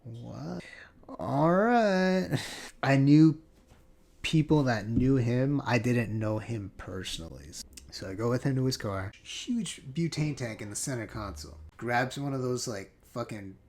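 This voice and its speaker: A young man telling a personal story in a casual vlog, animated and full of swearing. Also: mid-range voice, a little slow, gravelly. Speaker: vlogger.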